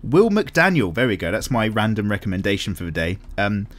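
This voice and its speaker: A man's voice: fairly low pitch, very animated, fairly quick. A man hosts a casual art chat, reading viewer comments aloud in a rambling, self-deprecating way with frequent ums. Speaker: art channel host.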